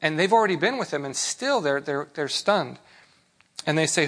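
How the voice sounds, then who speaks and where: A man preaching a sermon in a relaxed, conversational way, with rhetorical questions and frequent restarts. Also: fairly high pitch, moderate pace. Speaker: pastor.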